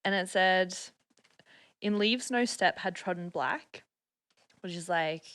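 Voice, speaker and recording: A woman's voice: on the low side, slow, a bit bright. An Australian woman, a podcast guest, chatting casually and explaining things at length with frequent laughs. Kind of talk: casual chat.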